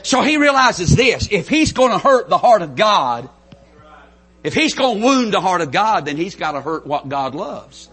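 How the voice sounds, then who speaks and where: In a church sanctuary, a middle-aged pastor delivers a sing-song sermon at normal speed. His North Carolina drawl is high-pitched, bright and slightly husky, and he fervently shifts from hushed, intimate moments to full shouts.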